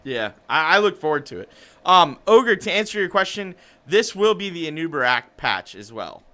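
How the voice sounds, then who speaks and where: Man, podcast host, bright tone, slightly high, rambling, casual chat. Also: big pitch swings, moderate pace. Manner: rambling, self-interrupting, chatty.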